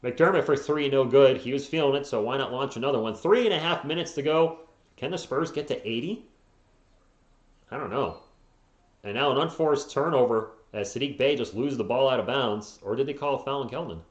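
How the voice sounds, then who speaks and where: A man's voice: mid-range voice, brisk. A man hosting a live fan stream, calling play-by-play and chatting casually with viewers between plays, often chuckling. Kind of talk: fan play-by-play commentary with chat replies. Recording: roomy, slightly dull home stream audio.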